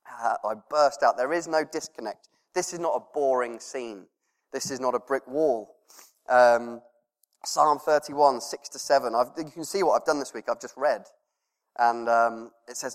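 A male pastor preaching a sermon, earnest, laughing softly and dropping to a hush when he quotes prayers. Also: mid-range voice, moderate pace, big-room sound.

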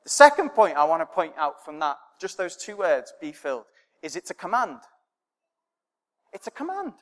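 A man preaching a sermon with emphatic repetition and rhetorical questions, his voice swelling and then falling to near quiet. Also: fairly high pitch, big pitch swings, moderate pace, big-room sound.

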